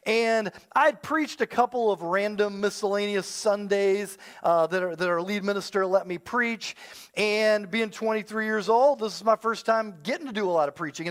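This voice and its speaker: A man in his thirties, a pastor preaching a sermon, telling a story with self-deprecating humor. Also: high voice. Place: church service with live audience.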